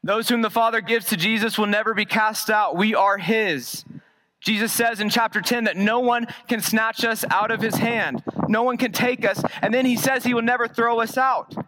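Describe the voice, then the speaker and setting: A man delivers a sermon from the pulpit, his voice pitched high and carrying a bright, forward edge. He preaches earnestly, leaning on repeated phrases to drive each point home. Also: rough recording. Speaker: pastor.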